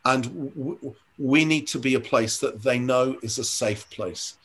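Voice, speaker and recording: An older man, a church leader, talking in an interview, earnest and reflective, often pausing and restarting his sentences. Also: mid-range voice, a bit bright, a little hiss or hum. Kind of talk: conversational interview storytelling.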